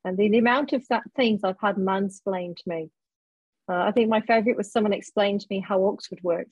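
A woman from Sheffield with a softened Sheffield accent, a guest academic talking frankly in a casual interview, self-mocking and quick to laugh. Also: mid-range voice, breathy edge, no room sound. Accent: softened Sheffield English. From Sheffield, England.

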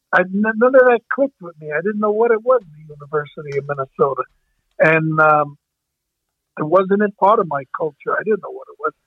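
An older hockey coach from Brooklyn, New York reminisces about his coaching days, rambling and often stopping and restarting. His voice is high-pitched, with no room sound, and the recording is tinny, dry, and phone-like.

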